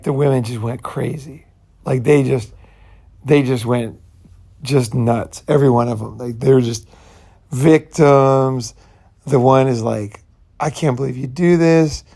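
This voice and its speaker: A man with a gravelly, fry-heavy voice at an ordinary middle pitch talks in a casual, meandering monologue. He speaks bluntly and swears now and then. He keeps checking in with "you know" and "right". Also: darkish tone. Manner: loose, repetitive, peppered with "you know" and "right"; blunt, profane. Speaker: channel host.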